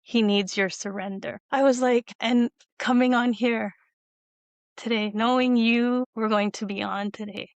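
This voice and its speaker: Woman host on a video call, kinda high voice, rambly and teary, laughs a lot, dry sound. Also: steady tone, a little slow, no room sound, dull audio. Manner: rambling, tearful, laughs often. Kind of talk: emotional conversational storytelling.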